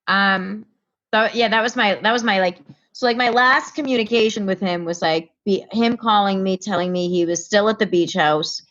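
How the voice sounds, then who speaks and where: A woman's voice: medium pitch, normal speed, a bit bright, muffled recording. A woman from Connecticut, a comedian guest, telling a story in casual talk and acting out the voices of the people in it.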